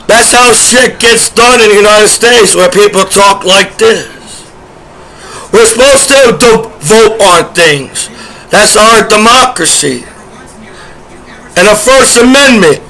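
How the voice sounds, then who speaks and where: High-voiced man ranting to camera. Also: lively intonation, takes it slowly, bright, forceful tone, poor audio. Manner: aggrieved, repetitive, ranting. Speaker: vlogger, disabled combat veteran. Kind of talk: rambling direct-to-camera monologue.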